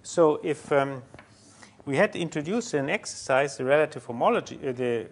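Halting man giving a math lecture. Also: on the high side, lively intonation. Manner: halting, many fillers and restarts while writing.

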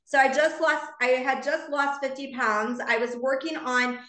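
Bright-voiced woman in her fifties, heartfelt. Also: sits high, steady tone, normal speed, roomy sound. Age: 50s. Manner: earnest, heartfelt, conversational storytelling. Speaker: founder speaking to her business community. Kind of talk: personal testimony to a live online audience.

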